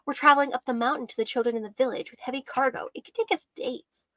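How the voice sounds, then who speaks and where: A patient old female dog speaks slowly and flatly, tired of explaining things again, as a woman reads her. Her voice sits a little high and close and dry. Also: no room sound. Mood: weary, matter-of-fact. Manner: matter-of-fact, slow, wearily patient. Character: older wise weary female dog guide.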